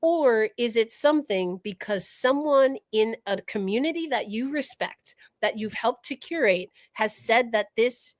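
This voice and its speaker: A woman co-hosting a casual livestream discussion, working as a podcast co-host, thinks out loud in a thoughtful, reflective way and often restarts her sentences as she works through ideas. Her voice is fairly high with lively intonation, a measured pace, and few pauses. It's a dry recording.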